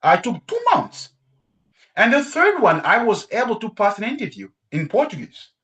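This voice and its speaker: Congolese guy telling his story in an interview, highish voice, jumps around a lot, bit halting english. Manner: animated storytelling, halting non-native phrasing. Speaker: guest sharing language-learning story. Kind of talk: conversational interview.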